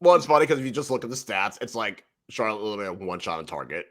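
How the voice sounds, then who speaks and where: A man's voice: fairly low pitch, sing-song, racing, slight background noise. A man co-hosting a casual sports podcast, telling frustrated stories and acting out his own reactions. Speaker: podcast co-host.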